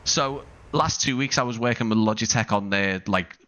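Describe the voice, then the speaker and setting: A man hosts a relaxed live stream from his home setup, talking into a wireless headset. His voice sits a little low, and he rambles through fillers and restarts. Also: moderate pace. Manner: rambling, many fillers and restarts, laughs often. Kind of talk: casual live-stream chat. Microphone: wireless gaming headset.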